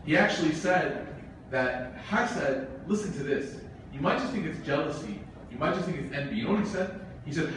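A man's voice: fairly high pitch, animated, fairly quick. Humorous man speaking in an echoey hall. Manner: humorous storytelling with frequent asides. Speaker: Islamic speaker. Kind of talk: informal religious talk. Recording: very echoey hall, from far off, faint noise.

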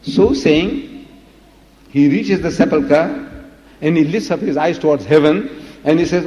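A man's voice: a little high, lively intonation, measured pace, long pauses, dark tone. A man giving a religious lecture in an emphatic, dramatic way, full of rhetorical questions. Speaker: preacher. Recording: dull lo-fi recording in a reverberant hall.

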